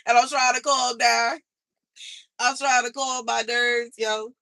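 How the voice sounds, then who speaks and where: A woman's voice: a little high, flat delivery, takes it slowly, vocal fry, sharp tone, no echo. A woman livestreaming, venting in an exasperated, slangy way and repeating herself as she complains. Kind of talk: casual livestream rant.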